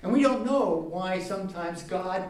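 A man's voice: high-pitched, animated, a little slow. Echoey distant man preaching earnestly. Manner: earnest, swings between loud emphasis and near-whispered tenderness. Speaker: pastor. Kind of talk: sermon. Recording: echoey room, speaker away from the mic.

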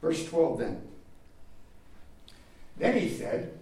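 A man preaching a sermon in an earnest manner, dropping to a hush for tender moments and rising for emphasis. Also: fairly high pitch, expressive, moderate pace, recorded from a distance. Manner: earnest, swings between loud emphasis and near-whispered tenderness. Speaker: pastor. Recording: echoey room, speaker away from the mic.

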